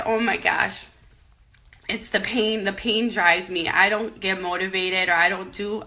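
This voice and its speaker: A woman's voice: mid-range voice, bright, forceful tone. A woman in her thirties vlogging about money worries, tearful and rambling but candid, talking herself back into encouragement. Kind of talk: emotional personal vlog.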